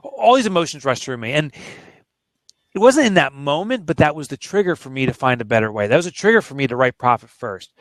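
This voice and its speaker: A man's voice: on the high side, big pitch swings, a little fast, no room sound. Earnest man telling a personal story. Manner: earnest, emotional, plain-spoken. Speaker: author and guest. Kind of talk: candid personal story in an interview.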